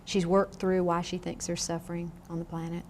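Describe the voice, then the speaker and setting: A woman lecturing a class on grief in a frank, lively way, often asking the room questions. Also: on the low side, brisk, slight background noise. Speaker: grief educator. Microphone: on camera, room mic.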